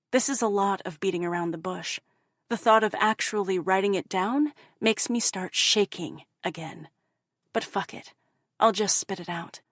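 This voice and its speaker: Lady reading a dark audiobook first person, intense and sweary, mid pitch, dry close sound. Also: dry recording. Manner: intense, profane, confessional delivery. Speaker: audiobook narrator.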